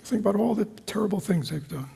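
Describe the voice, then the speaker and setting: A man's voice: high-pitched, expressive, fast talker. A man teaching meditation to a retreat group, questioning his listeners and often dropping to a whisper. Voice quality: gravelly, husky. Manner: questioning, engaging the audience with repeated "right?" and "you know"; drops into soft whispers at times. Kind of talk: dharma talk to a retreat group. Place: meditation hall with a live group.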